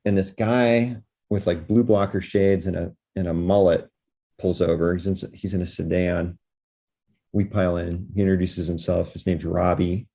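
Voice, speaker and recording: A man's voice: sits low, level tone, moderate pace, warm tone. A man, a podcast guest, telling stories in a laid-back, rambling way full of fillers. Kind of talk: animated anecdotal storytelling.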